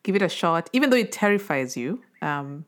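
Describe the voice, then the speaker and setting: A woman's voice: fairly low pitch, very animated, a little fast. A woman hosting a podcast, encouraging her guest with affirmations and a loose, filler-heavy way of talking. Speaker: podcast host. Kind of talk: casual interview conversation.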